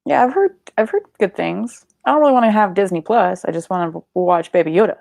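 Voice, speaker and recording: A woman's voice: mid-range voice, animated, fast, gravelly, darkish tone, no room sound, clean studio sound. A young woman hosting a live book club stream, chatting casually and rambling, sleepy and yawning, with offhand swearing.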